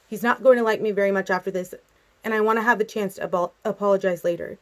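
A tense young man gives quick, commanding orders, read by a woman narrating a novel. He sounds urgent and protective in this storybook scene. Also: medium pitch, fairly even intonation, close to an everyday voice.

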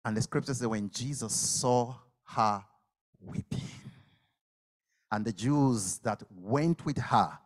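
A man's voice: on the low side, slow. A man preaching a sermon, telling a story and acting out the people in it, sometimes dropping to a whisper. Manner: animated storytelling, acts out the people, drops to a whisper at quiet moments.

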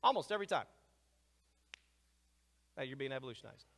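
A man giving an energetic lecture to a live audience, jumping between loud, excited asides and hushed remarks. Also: medium pitch, brisk, vocal fry. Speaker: speaker presenting to a live audience. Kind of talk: animated lecture. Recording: long hall reverb.

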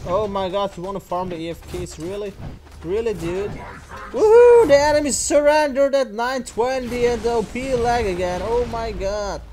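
A man giving excitable gameplay commentary while playing, whooping, swearing and exclaiming often. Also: sits high, normal speed. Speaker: channel host playing a mobile game.

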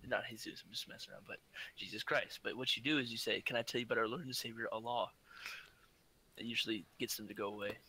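A man's voice: mid-range voice, steady tone, quick pace, sharp tone, a little hiss or hum, poor audio. A young man co-hosting a casual podcast, joking around and reading out figures in a laid-back way. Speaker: podcast co-host. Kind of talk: casual chat.

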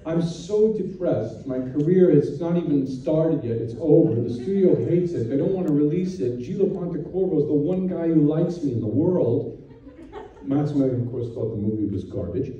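A man's voice: fairly high pitch, highs cut off. Guy telling a funny story on stage, voice jumps all over, super echoey hall, crowd laughing, mic kinda far. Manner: animated storyteller doing voices of others. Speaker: film director telling a festival story. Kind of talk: anecdote on stage. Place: festival venue with audience.

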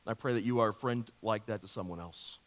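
A male pastor giving a sermon in a lively, joking storytelling manner, firing off rhetorical questions to the congregation. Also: lowish voice, fast talker. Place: church sanctuary. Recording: long hall reverb of a church.

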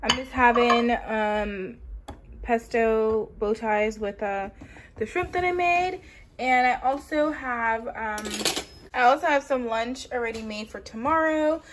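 A woman's voice: on the high side, measured pace, background noise. A woman vlogging casually from her home kitchen, rambling and chatty with a lot of "like", in a New York accent. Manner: chatty, rambling, heavy use of "like". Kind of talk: casual vlog chat.

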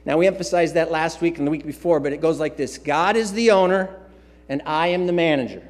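A male pastor delivers a sermon in a church, his voice pitched a bit higher than most men's. He preaches emphatically, repeating key phrases, and drops in casual asides. A long reverb trails his words through the hall. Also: fairly quick. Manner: repetitive, emphatic preaching with asides and filler sounds. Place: church sanctuary.

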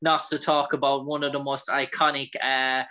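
A man from Ireland hosts the interview, asking slow, halting questions full of fillers. His voice is bright and forward, at a middle pitch. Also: flat delivery. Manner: slow, hesitant, many fillers. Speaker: radio interviewer.

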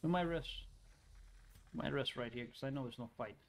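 A man giving casual let's-play commentary, excitable, exclaiming and cursing at the game. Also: mid-range voice, normal speed. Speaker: gaming video host.

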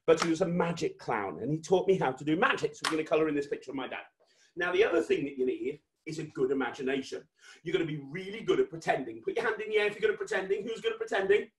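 A high, bouncy British male voice hosting a kids' magic party over video, swinging from mock-stern scolding to gleeful shouting. His pitch leaps all over the place. The sound is roomy and a little distant from the mic. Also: expressive, fast talker. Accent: British English. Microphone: webcam.

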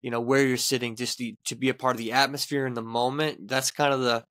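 A man's voice: medium pitch, flat delivery, quick pace, a bit bright, no room sound, clean studio sound. A man co-hosting a casual podcast chat, encouraging and full of fillers like "like" and "you know.". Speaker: podcast co-host.

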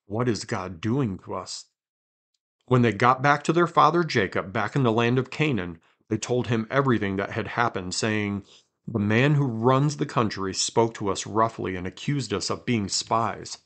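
Man reading scripture with quiet drama. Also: on the low side, moderate pace, creaky. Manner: reads with quiet dramatic emphasis, chats between passages. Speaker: podcast host reading scripture aloud. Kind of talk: conversational Bible reading.

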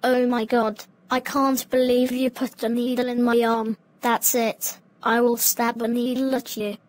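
A woman's voice: fairly high pitch, little pitch movement, unhurried, close to an everyday voice. A synthetic woman's voice with a British accent playing a bratty, defiant little boy in a cartoon, whiny and rude. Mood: angry. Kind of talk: text-to-speech cartoon dialogue.

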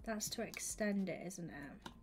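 A young woman livestreaming a game, chatting with her viewers and thinking out loud, often slipping into a whisper. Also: mid-range voice, expressive, a little slow, soft background music. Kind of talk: casual gaming stream chat.

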